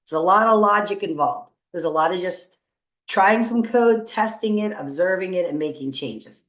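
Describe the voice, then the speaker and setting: Woman, teacher, coding tutorial, upbeat, encouraging, thinking aloud, lowish voice, echoey room. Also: normal speed. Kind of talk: screen-recorded coding tutorial. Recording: roomy echo.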